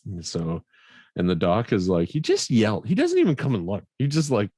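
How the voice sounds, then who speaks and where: A low-pitched man from Canada co-hosts a casual podcast, telling a story with big swings in his voice and frequent laughter. The sound is close and dry, with almost no room around it. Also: a little fast, dry recording. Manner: animated, laughs a lot while telling a story. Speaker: podcast co-host.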